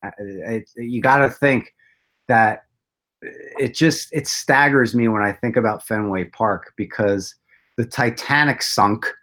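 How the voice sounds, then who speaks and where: A man's voice: mid-range voice, slow, a bit bright. A man chatting about baseball, telling long rambling stories with self-deprecating jokes. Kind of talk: casual chat.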